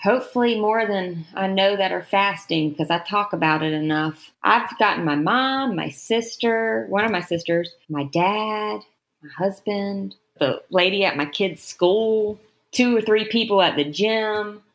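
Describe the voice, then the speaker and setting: Woman podcast guest, gravelly tone, chatty and encouraging. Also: medium pitch, measured pace. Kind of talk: casual chat.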